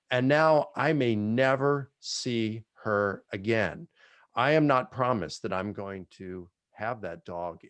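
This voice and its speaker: A man with a low voice reflects on personal grief while answering an audience question. He is earnest and emotional and often restarts his sentences. The recording is dry and close. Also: dry recording.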